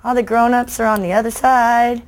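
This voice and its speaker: A middle-aged woman, a children's book author, giving a playful, animated talk to education students and quizzing the audience. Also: a little high, normal speed, slight background noise.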